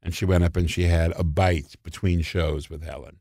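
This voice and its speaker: A man telling show-business stories in casual conversation, animated and theatrical, acting out quotes. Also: low-pitched, normal speed, slightly rough, no room sound, clean studio sound. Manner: animated, theatrical storyteller who acts out quotes. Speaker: guest storyteller.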